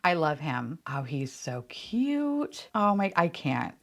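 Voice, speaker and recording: A young woman vlogging an unboxing, her voice swinging widely in pitch as she gushes. She squeals and laughs often, chatting straight to her viewers in an excited, casual way. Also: slow pace, few pauses, faint music behind.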